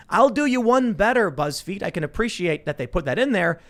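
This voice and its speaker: Guy hosting a political talk show, talks kinda high, animated, keeps restarting sentences. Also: brisk, few pauses. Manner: animated, reads news aloud then riffs with restarts. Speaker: podcast host.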